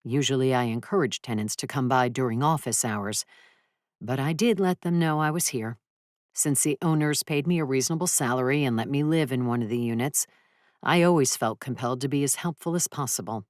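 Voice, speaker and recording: Very deep-voiced woman narrating audiobook. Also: brisk, no room sound, studio quality. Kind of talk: scripted first-person narration.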